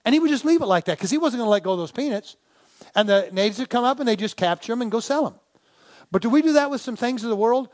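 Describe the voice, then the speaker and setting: A man's voice: very high-pitched, lively intonation, fast talker, a little mellow. A man preaching a sermon to a congregation, telling stories and asking the listeners to turn to their neighbors. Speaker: pastor.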